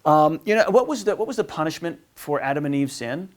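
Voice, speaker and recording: A priest giving a casual teaching talk on marriage, often stumbling over and repeating words and acting out little exchanges. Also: male voice, fairly high pitch, expressive, brisk. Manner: conversational, repeats words, acts out quotes.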